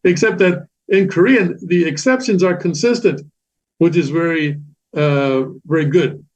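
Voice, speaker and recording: Male teacher, fairly high voice, patient and repetitive with lots of "uh"s, dull lo-fi recording. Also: measured pace. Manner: patient, repetitive, many fillers and restarts. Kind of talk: classroom lecture explaining Korean letters. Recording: dull lo-fi sound.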